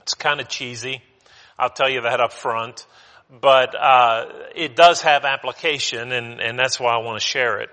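A male preacher delivering a sermon in a relaxed, conversational way, restarting phrases as he goes. His voice is bright and forceful at a mid pitch. A long reverb trails after him in the church auditorium. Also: unhurried. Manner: conversational, with frequent restarts and fillers.

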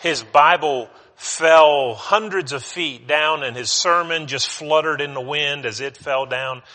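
A man's voice: a little high, a little slow, bright, forceful tone. A male preacher giving a conversational sermon. He restarts his sentences often and leans on fillers. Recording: long hall reverb.

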